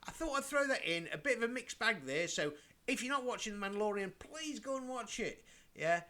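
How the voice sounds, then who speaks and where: This vlogger has a high-pitched, bright, forceful voice and talks briskly and with lots of animation. His casual ranting commentary rambles and stays chatty, and he keeps interrupting himself with fillers and restarts.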